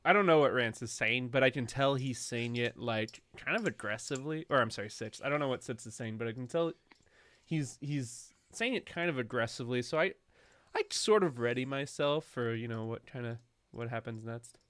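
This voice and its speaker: A man's voice: mid-range voice, normal speed, fairly bright tone, dry recording. Unsure man rambling as a game player.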